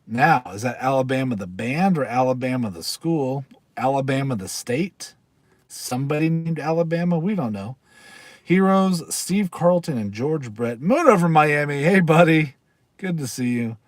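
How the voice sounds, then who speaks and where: Dude rambling thru a livestream, mid pitch voice, laughs a lot, dry close mic. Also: male voice, expressive, normal speed, dry recording. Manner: chatty, rambling, laughs often, reads card backs aloud. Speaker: livestream host. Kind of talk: casual live-stream chat.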